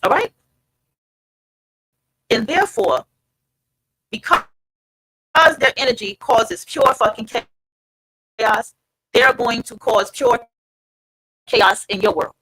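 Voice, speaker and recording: A woman's voice: a little high, lively intonation, takes it slowly, pauses often, sharp tone, husky, no echo, low-quality recording. A woman hosting an online podcast, talking casually and emphatically to her listeners and swearing freely. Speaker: podcast host. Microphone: streamed online podcast.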